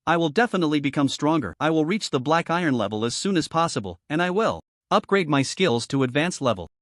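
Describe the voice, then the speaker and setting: A man's voice: on the high side, very animated, fast, fairly bright tone, no echo, studio quality. A man voicing a boastful young dog beast. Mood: determined. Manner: determined, vowing.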